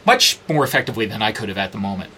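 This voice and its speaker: Bright-voiced, profane male storyteller. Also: on the low side, rapid-fire, slight background noise. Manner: profane, animated, acts out quoted dialogue. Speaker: interview guest. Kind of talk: candid storytelling conversation.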